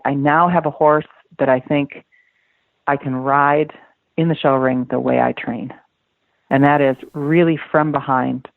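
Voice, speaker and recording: Woman in her fifties, gravelly voice, earnest and emphatic, tinny phone-like line, dry sound. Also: rumbling low, dry recording. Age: 50s. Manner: earnest, emphatic, repeats words. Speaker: guest, dressage rider. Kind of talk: podcast interview.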